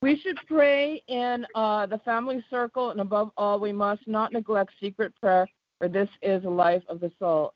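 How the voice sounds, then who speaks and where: A woman caller reads a devotional text aloud at a middling pitch, halting now and then to correct herself. Her voice comes through a muffled, dry phone line. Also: dry recording. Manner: halting, with small slips and restarts.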